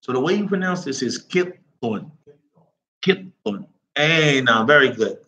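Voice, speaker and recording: A man's voice: medium pitch, animated, moderate pace, sharp tone. A man teaching an Arabic lesson who keeps checking on his class with repeated questions, reading phrases aloud and then explaining them in English.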